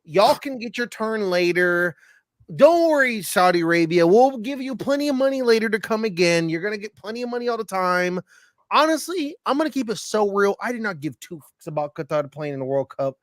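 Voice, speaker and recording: A man co-hosting a podcast, chatting casually about sport, animated, swearing freely and laughing often. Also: sits high, brisk, dry recording, studio quality. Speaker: podcast co-host.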